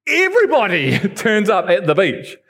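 A man delivers a sermon as an animated storyteller. His voice sits a little on the high side and swings widely in pitch, jumping high at the dramatic moments. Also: normal speed, gravelly, husky. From England. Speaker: pastor.

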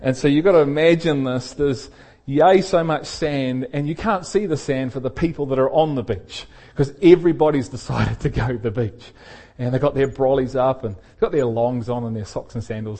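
A man's voice: mid-range voice, a little mellow. A middle-aged man, a pastor telling a personal story in a sermon and laughing often as he speaks. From England.

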